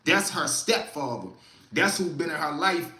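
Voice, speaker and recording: This host, a Baltimore man with a fairly high voice, speaks unhurriedly in a reverberant space. His casual storytelling is loose and full of slang, and he gets animated, performing other people's lines in a loud voice.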